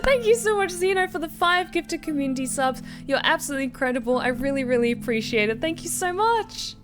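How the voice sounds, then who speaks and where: A woman's voice: high-pitched, animated, brisk. A woman, a voice actor, chatting casually and upbeat on a live game stream over background music, with frequent fillers and laughs. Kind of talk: casual livestream chat.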